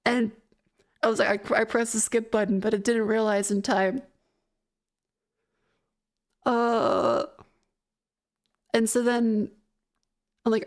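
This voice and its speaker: A woman's voice: medium pitch, steady tone, measured pace, long pauses. A young woman streamer chatting casually, telling a rambling story full of laughs and swearing. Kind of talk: casual chat.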